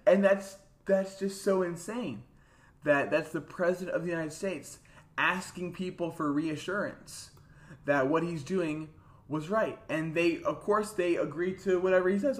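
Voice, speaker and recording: A young man co-hosting a casual political chat, chatty and quick to laugh, with mocking asides. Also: high voice. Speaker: podcast co-host.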